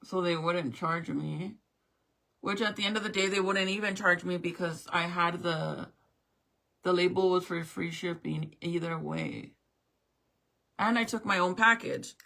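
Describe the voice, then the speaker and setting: A woman's voice: lowish voice, steady tone, a little slow, creaky, fairly bright tone. A woman telling a storytime in a casual vlog rant, swearing and acting out both sides of the talk. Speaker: vlogger.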